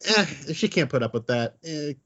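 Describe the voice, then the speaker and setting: A man's voice: fairly high pitch, animated, fairly quick, a bit bright, lo-fi sound. A man co-hosting a podcast, casually critiquing a film in a hesitant, self-deprecating way. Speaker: podcast co-host.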